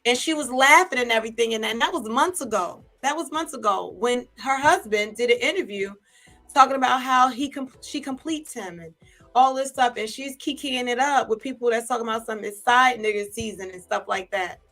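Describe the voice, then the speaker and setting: A woman's voice: fairly high pitch, fairly quick, bright, forceful tone, soft background music. Chatty gossiping woman vlogger. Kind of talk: casual commentary to a live chat.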